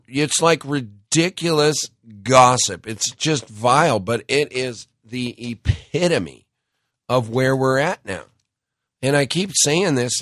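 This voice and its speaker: A man's voice: medium pitch, fairly bright tone, no room sound, studio quality. A middle-aged man with a cold, hosting an opinionated monologue, indignant and emphatic as he addresses his listeners directly. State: has a cold, clears throat. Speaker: talk show host.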